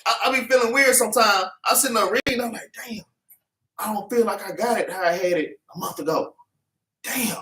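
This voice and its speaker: Fervent, bright-voiced man preaching in an echoey room. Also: high-pitched, fairly quick. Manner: fervent, repetitive, streetwise slang. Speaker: Bible class teacher. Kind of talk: casual preaching with read-back. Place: meeting room with congregation. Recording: echoey room, mic at a distance.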